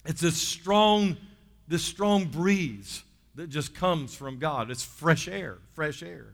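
A man's voice: fairly high pitch, animated, takes it slowly, gravelly. A man with a Southern US accent preaching a sermon, emphatic, stretching key words and calling on the congregation to respond. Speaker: pastor. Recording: reverberant hall sound.

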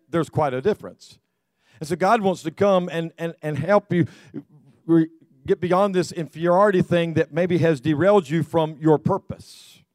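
A man's voice: medium pitch, a little mellow, dry recording. A pastor preaching a sermon, telling folksy stories and often repeating words as he restarts. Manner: repetitive restarts, folksy storytelling.

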